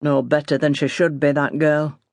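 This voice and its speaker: A woman plays a hard, stern old farmer father, growling and scornful at his daughter. His voice takes on a rougher, altered tone from the narrator's own, set in a dry, close storybook reading. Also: a little high, little pitch movement, normal speed, darkish tone, no room sound.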